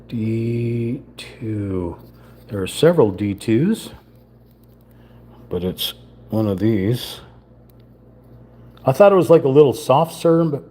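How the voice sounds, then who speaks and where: Building a wooden model kit on a live stream, a man keeps up a casual muttered commentary, talking himself through each step with small parts. His voice is mid-range and dark, with a little hiss or hum.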